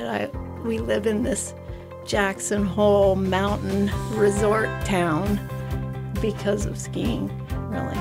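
A woman with a gravelly, fry-edged voice at a middle pitch, recalling her experience as a guest in a studio. She talks freely and rambles, doubling back and restarting her sentences, with faint music under her voice. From United States. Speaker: interview guest, avalanche survivor. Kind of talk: emotional personal storytelling.

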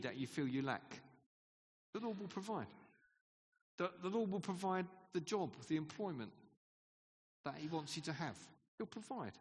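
A man's voice: on the high side, breathy edge. A man preaching a sermon in a conversational way, asking the congregation questions and laughing often. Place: church hall. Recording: long hall reverb.

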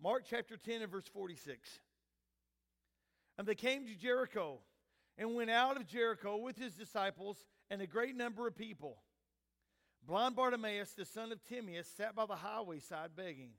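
Older man, pastor, very high voice, loud calls and quiet asides, long church reverb. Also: expressive, moderate pace. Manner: preaching with swings between loud emphatic calls and quiet asides; mixes scripture reading with homespun family stories. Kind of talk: sermon. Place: church sanctuary.

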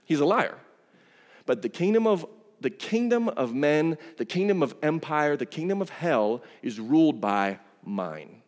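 A man's voice: on the high side, very animated, unhurried, big-room sound. A man preaching a sermon as pastor, conversational and emphatic, with casual asides. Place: church sanctuary.

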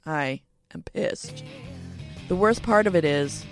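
A woman narrating a first-person story, wry and tense, dropping to hushed tones and rising for quoted lines. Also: deep voice, slow pace, music in the background. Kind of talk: first-person story reading with acted dialogue.

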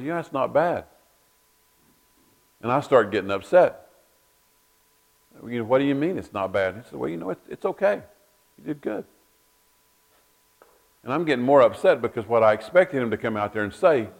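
A man preaching a sermon, folksy storytelling that repeats words as he builds each point. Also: mid-range voice. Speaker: pastor.

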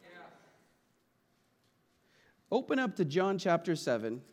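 Male pastor, high-pitched, lively conversational sermon delivery with call-and-response, recorded in church. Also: slow pace. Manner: energetic preaching with call-and-response to the congregation.

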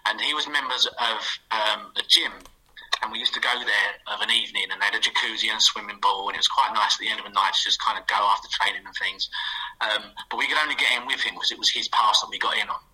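A middle-aged man telling a lively anecdote as a guest on a radio show, putting on playful voices for the people he quotes. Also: fairly low pitch, breathy edge, low-quality recording. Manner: fast, animated storytelling with playful quoted voices. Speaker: guest, former footballer.

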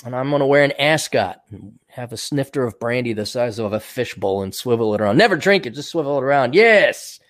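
A man's voice: medium pitch, expressive, a little fast, a bit bright. A man hosting a casual livestream, reading out donations and rambling in a crude, self-mocking way.

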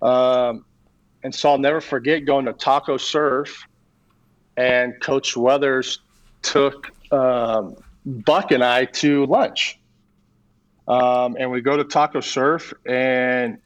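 A middle-aged man talks through his story as an interview guest, halting and full of restarts. His voice sits at an ordinary pitch, and the recording sounds a bit dull and lo-fi. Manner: halting, many fillers and restarts. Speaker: guest, baseball coach.

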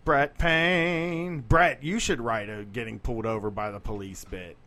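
A man's voice: medium pitch, steady tone, a little slow, sharp tone. A man hosting a call-in talk show, joking and laid-back. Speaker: show host. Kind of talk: casual radio talk.

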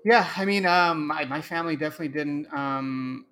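A man co-hosting a podcast in casual, relaxed chat. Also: on the high side, fairly quick, a little hiss or hum. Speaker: podcast co-host.

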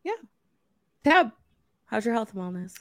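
A woman's voice: fairly high pitch, sing-song, unhurried. A woman co-hosting a casual podcast, easygoing, chatting and asking short follow-up questions. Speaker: podcast co-host. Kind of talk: casual chat.

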